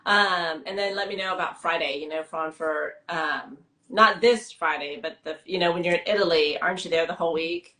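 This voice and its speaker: A woman's voice: on the low side, normal speed, hardly any pauses, pushed and bright, roomy sound. A woman chatting casually on a video call, laughing often and mimicking voices. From Texas. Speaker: writing sprint host. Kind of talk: casual chat.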